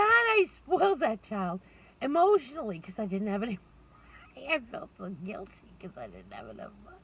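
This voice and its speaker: A woman's voice: fairly high pitch, vocal fry. A middle-aged woman rambling candidly to camera, laughing often and mocking herself. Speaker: vlogger. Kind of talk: candid personal monologue. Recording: distant, dull lo-fi mic with faint noise.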